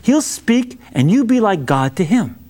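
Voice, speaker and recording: A man playing God as an insistent male voice that gives firm orders. The voice stays high-pitched and expressive, reassuring one moment and bossy the next. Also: a little slow, full character voice.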